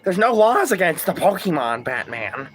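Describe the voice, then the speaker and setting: A man's voice: sits high, big pitch swings, normal speed, a little hiss or hum, pitched above the performer's own voice. Man doing a crude, unhinged Joker. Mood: smug. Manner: drawling, trails into a hushed murmur on each 'Batman'. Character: crude unhinged adult male clown villain.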